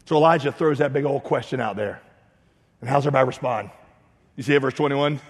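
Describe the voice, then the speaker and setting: A man preaching a sermon in a blunt, lively, joking way with touches of sarcasm. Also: mid-range voice, a little fast, long reverb tail. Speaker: pastor.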